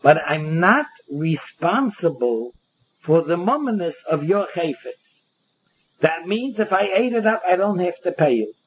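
Husky-voiced man teaching Talmud. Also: high voice, a little slow. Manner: animated, acts out both sides of the case. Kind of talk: Talmud lecture in Yeshivish English. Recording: dull lo-fi recording.

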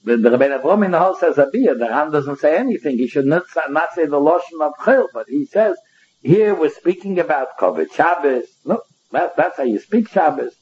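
A man's voice: on the high side, expressive, a little fast, darkish tone, highs cut off. A man teaching a Talmud study lesson, reading passages aloud and explaining them line by line.

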